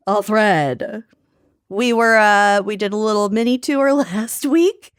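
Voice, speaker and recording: A woman's voice: medium pitch, slow pace, clear, resonant tone, dry recording, studio quality. A woman in her thirties with a Minnesotan accent, co-hosting a podcast in casual, jokey chat and laughing often. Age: 30s. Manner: giggly, jokey. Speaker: podcast co-host.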